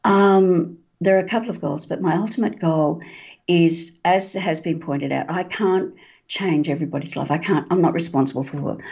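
A woman author being interviewed, an animated storyteller who laughs often and says um a lot. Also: fairly low pitch, moderate pace, husky. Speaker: author and guest. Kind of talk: interview talk. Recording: dull lo-fi sound.

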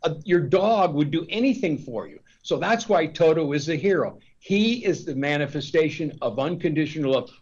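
A man's voice: fairly high pitch, lively intonation, moderate pace, hardly any pauses, darkish tone, husky. Rambling man on a dull lo-fi line. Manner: rambling, with frequent restarts and repeated words. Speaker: guest author. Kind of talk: discursive interview talk.

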